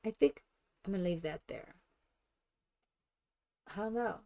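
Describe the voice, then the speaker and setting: An older woman streaming herself playing a game, chatting in a rambling, animated storytelling way. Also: medium pitch, measured pace. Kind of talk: casual chat while playing a life-simulation game.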